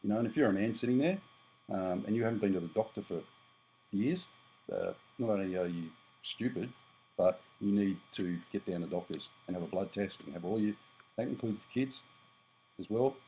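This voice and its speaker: Australian man, fifties, lowish mellow voice, blunt rambling vlog delivery, faint background hiss. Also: normal speed, poor audio. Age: 50s. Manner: blunt, rambling, self-correcting. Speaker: prepper vlogger. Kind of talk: casual monologue to camera.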